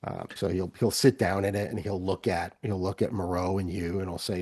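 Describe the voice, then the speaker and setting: A man narrating as game master, halting and full of fillers and restarts. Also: low-pitched, fairly even intonation, darkish tone, slightly rough, dry recording, studio quality.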